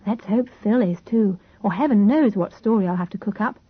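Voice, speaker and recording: Calm protective man, steady and reassuring, voiced by a woman reader, lo-fi audiobook. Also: mid-range voice, moderate pace, husky, dry recording, lightly acted. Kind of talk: audiobook character voice.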